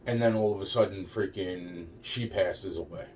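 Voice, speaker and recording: A man's voice: low-pitched, normal speed. A man talking in a rambling personal monologue, agitated and repetitive, swearing heavily and restarting his sentences. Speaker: vlogger. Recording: distant mic with faint background noise.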